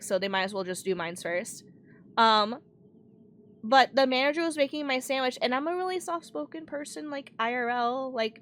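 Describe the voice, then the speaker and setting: A woman's voice: on the high side, fairly bright tone. A young adult woman streamer chatting casually while playing a game, rambling, laughing often and saying "like" a lot.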